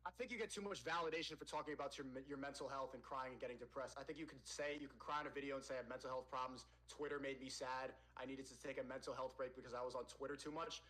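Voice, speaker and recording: A man's voice: medium pitch, fairly even intonation, very fast, few pauses, a bit bright. A male streamer talking casually and emotionally, full of "like" and restarts. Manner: emotional, rambling, filler-heavy.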